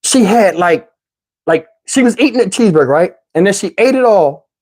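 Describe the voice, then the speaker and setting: A middle-aged man vlogger telling a story to camera in a casual, animated way, with slang, swearing and laughter. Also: high voice, moderate pace.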